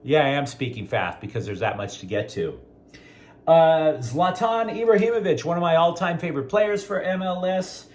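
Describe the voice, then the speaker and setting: Lively, outspoken male sports host. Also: a little high, moderate pace. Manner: outspoken, talks straight to viewers. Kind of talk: opinionated sports commentary.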